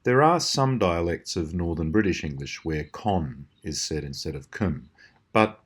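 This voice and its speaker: An Australian man explaining a language puzzle solution, slowly drawing out example words. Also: deep voice, animated, breathy edge. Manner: precise, drawn-out demonstration of words. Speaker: language teacher.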